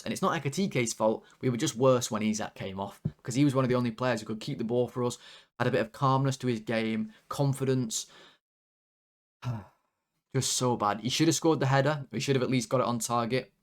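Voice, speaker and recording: A man hosts a casual football rant at a medium pitch. He talks animatedly and sounds exasperated, swearing freely. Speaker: football fan channel host.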